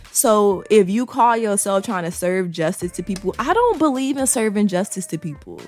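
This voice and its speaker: A woman's voice: medium pitch, lively intonation, moderate pace, hardly any pauses, darkish tone, soft background music. A woman talking candidly to her viewers in a casual monologue, swearing freely and repeating key lines for emphasis.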